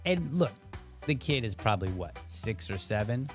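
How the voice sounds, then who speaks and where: A man's voice: lowish voice, big pitch swings, normal speed, soft background music. A man hosting a show, chatting casually about a video and thinking aloud with frequent asides to viewers. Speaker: podcast host. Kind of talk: casual commentary on a viral video.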